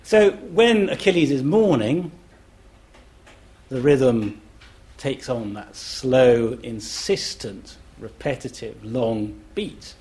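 Slow, deliberate man explaining. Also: mid-range voice, lively intonation, darkish tone. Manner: demonstrative, chants rhythms aloud; measured and deliberate. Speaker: festival panel speaker, classics scholar. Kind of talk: explanatory public talk.

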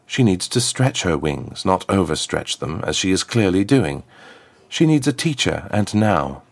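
A man voicing a calm, soft-spoken dragon queen in human form in a story reading. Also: sits low, measured pace, gravelly, dry recording, exaggerated voice. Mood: composed. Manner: soft, composed. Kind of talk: audiobook character voice.

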